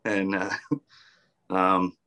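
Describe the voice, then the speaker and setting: Male podcast guest, low-pitched, bright tone, chatty storyteller, loose and laughing. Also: completely flat delivery, extremely slow, clean tone. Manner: rambling, many fillers and restarts, laughs often. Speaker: podcast guest, army veteran. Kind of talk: casual storytelling interview.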